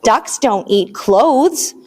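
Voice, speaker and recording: Woman reading as a grumpy duck, high and sulky, storybook voice. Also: lively intonation, extremely slow, a little mellow, full character voice.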